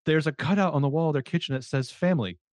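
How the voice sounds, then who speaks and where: A man's voice: fairly high pitch, fast, darkish tone, no room sound. A man co-hosting a podcast, snarky and sarcastic, swearing freely while recapping a TV episode. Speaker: podcast co-host. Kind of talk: casual chat recapping a TV episode.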